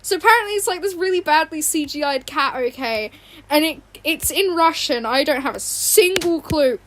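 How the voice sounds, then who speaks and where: A woman with a high, animated voice and a fairly bright tone chats casually at normal speed while drawing in her home bedroom as a streamer. She rambles, giggles, and apologises often, and a fan hums in the background of the recording.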